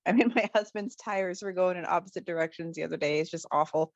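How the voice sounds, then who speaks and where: A woman with a lowish voice talks as a guest in a casual conversation, hesitant and full of fillers. Her audio is muffled and lo-fi, and dry, with no room sound. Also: fast, dry recording. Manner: soft-spoken, hesitant, many fillers. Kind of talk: casual chat.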